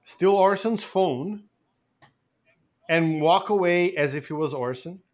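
A man's voice: a little high, slow. A man co-hosting a movie podcast, chatting casually and eagerly laying out a theory. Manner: animated, laughing, spins theories. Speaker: podcast co-host. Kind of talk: casual chat.

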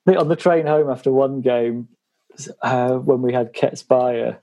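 A man's voice: mid-range voice, unhurried, warm tone. A man co-hosting a casual football podcast, telling anecdotes with frequent laughter. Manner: laughs through his anecdotes. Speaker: podcast co-host.

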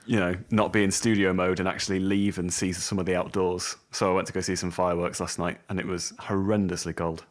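A man's voice: sits low, flat delivery, a little fast, few pauses. A man co-hosting a music podcast in casual chat, easygoing and explaining things at length. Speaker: podcast co-host.

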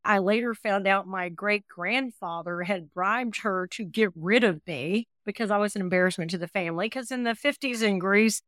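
A woman's voice: mid-range voice, moderate pace, few pauses, no room sound, clean studio sound. A woman in her sixties, a podcast guest, telling her own life story earnestly and vividly, often acting out what people said. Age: 60s. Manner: earnest, animated retelling with quoted dialogue. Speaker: interview guest, adoptee. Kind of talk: emotional personal storytelling.

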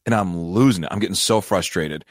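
A man hosting a financial advice show, telling a self-deprecating story in a lively, casual way. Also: deep voice, fairly quick, no echo, clean studio sound. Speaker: financial advisor and show host.

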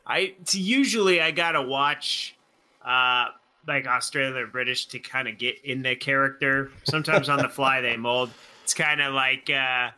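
A man's voice: mid-range voice, moderate pace, bright, forceful tone. A man co-hosting a radio show, wisecracking and bantering casually. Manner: wisecracking, does silly accents. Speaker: radio co-host.

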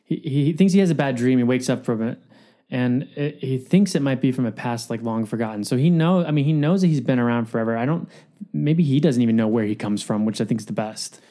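A man's voice: mid-range voice, fairly quick, dark tone. A man co-hosting a book podcast, rambling as he thinks aloud. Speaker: podcast co-host. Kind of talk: casual book-club chat.

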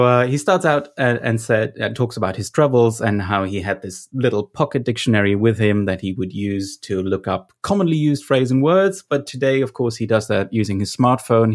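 A man hosting a podcast, guiding the discussion in a conversational way. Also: lowish voice. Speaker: podcast host. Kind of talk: casual discussion.

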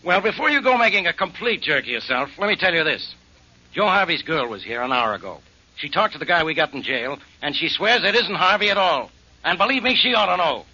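Brief: a hard-nosed doubting cop, bright blunt voice, old radio transcription. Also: male voice, on the high side, sing-song, brisk, slightly rough, heavily acted. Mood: impatient. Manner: blunt and skeptical. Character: gruff skeptical male police inspector. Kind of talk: 1940s radio acting. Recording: dull old radio recording.

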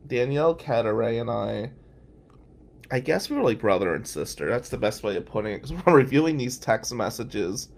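Gravelly man telling a story. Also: medium pitch, expressive, normal speed, a little mellow. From New Jersey. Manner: candid, wry, laughs between lines. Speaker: podcast host and lawyer. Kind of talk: personal storytelling tribute.

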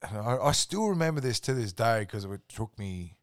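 An Australian man with a fairly low voice tells rambling work stories as a podcast guest. His talk is relaxed and full of swearing. The sound is dry and close, with no room to it. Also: normal speed, no room sound. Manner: laid-back, sweary, rambling anecdotes. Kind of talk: casual storytelling chat.

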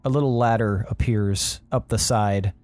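A man's voice: fairly low pitch, steady tone, moderate pace, a little mellow, soft background music. A man narrating as game master in a casual tabletop role-playing session.

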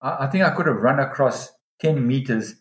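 A man telling a long diving story in a casual interview, lively and excited when he quotes others. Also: moderate pace. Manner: animated, pitch jumps when quoting others. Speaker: dive guide telling a story. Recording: roomy echo.

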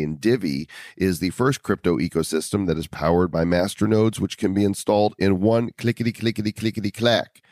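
A man's voice: sits low, a little mellow, dry recording, clean studio sound. A man hosting a podcast in casual chat, joking and wordplaying while he reads sponsor lines. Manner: playful, punning, reads sponsor ads. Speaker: podcast host.

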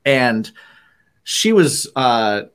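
A man co-hosting a podcast in casual chat, animated, laughing often and swearing as he acts out stories. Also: medium pitch, extremely slow, clean tone. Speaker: podcast co-host.

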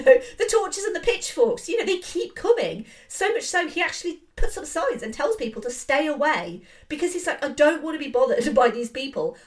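Animated woman talking films. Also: sits high. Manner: enthusiastic, opinionated, fillers and restarts. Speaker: film commentator. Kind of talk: casual video essay.

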